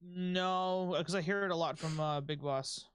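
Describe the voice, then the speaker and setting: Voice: medium pitch, fairly even intonation, a little slow, clear, resonant tone, no room sound. Laid-back podcast co-host, frequent laughter, dry close recording. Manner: easygoing, laughs often, trails off. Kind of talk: casual chat.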